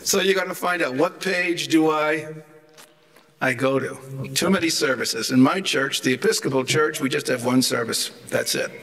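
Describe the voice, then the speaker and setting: Older man, fairly high voice, humorous lecture, wry asides, rambling restarts. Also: moderate pace, fairly bright tone. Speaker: guest theology lecturer.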